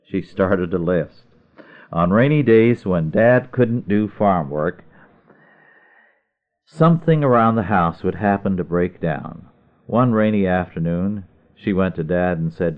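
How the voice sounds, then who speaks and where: A man tells a humorous family story in a very low, steady voice. His delivery is dry and even. The sound is thin and tinny, like a phone line. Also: slow pace.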